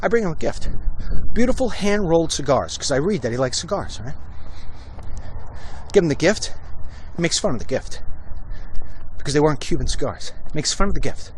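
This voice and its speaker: A man from Long Island, telling stories bluntly while walking outdoors. His voice is fairly high and swings widely in pitch. A faint street hum runs behind him. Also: moderate pace, long pauses. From Long Island, New York. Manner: blunt, animated storytelling with acted-out quotes. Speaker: host. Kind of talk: walk-and-talk vlog monologue.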